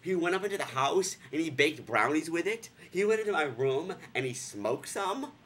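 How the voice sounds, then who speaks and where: Playful sarcastic man with a lively voice. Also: moderate pace. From Vermont, USA. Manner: playful and sarcastic, jumping into squealing high voices. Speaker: vlogger. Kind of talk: casual comic storytelling.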